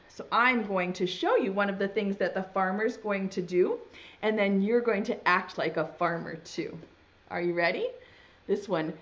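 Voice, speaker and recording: A young woman leading preschoolers through songs, talking slowly and encouragingly in a sing-song way. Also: medium pitch, fairly bright tone, lo-fi sound. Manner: slow, sing-song and encouraging, using baby signs. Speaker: preschool teacher. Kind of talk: singing and teaching preschoolers.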